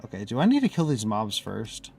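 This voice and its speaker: A man's voice: fairly low pitch, huge pitch swings, a little fast, vocal fry, a little mellow, breathy edge, soft background music. A man from the US Midwest streaming a game, chatting casually as he plays, rambling and breaking off mid-thought with frequent laughs. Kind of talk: casual live-stream commentary.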